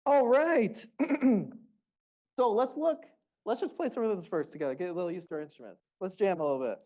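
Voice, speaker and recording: A man's voice: high-pitched, brisk, a little mellow. A man leading a group music workshop, giving encouraging, upbeat instructions.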